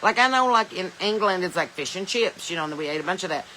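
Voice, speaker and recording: A Southern US woman hosts a casual podcast live stream from her smartphone, rambling, laughing often and reading viewer comments aloud. Her voice is lowish, animated, fast, bright and forceful. The recording is rough, with a little hiss or hum.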